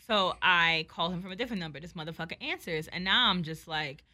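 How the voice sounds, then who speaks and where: Fast-talking bright young woman. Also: on the low side. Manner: animated, profane storytelling with quoted dialogue. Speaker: storyteller. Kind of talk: casual chat.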